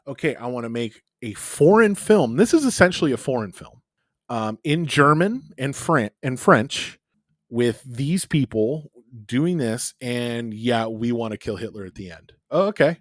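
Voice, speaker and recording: A man's voice: medium pitch, lively intonation, a little slow, no echo, clean studio sound. A man co-hosting a podcast, chatting enthusiastically about movies, swearing and gushing. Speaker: podcast co-host. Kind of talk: casual chat.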